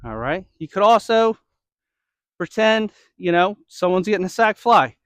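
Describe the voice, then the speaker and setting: Baseball coach demoing drills: a high-voiced man, slightly winded, checking in with "okay?" and "right?", in a dry, close recording. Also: animated, a little slow, dry recording. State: slightly out of breath. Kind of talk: instructional demo.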